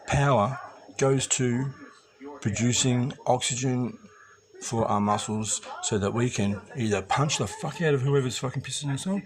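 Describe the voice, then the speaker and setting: Australian man, profane rambling vlog rant, medium pitch, noisy crowd behind. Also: measured pace. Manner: heavy swearing, rambling, conspiratorial. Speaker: vlogger addressing preppers.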